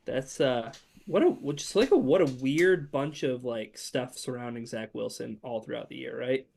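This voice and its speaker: A man's voice: mid-range voice, normal speed, gravelly, darkish tone. A man co-hosting a sports podcast, rambling casually with many fillers. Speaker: podcast co-host.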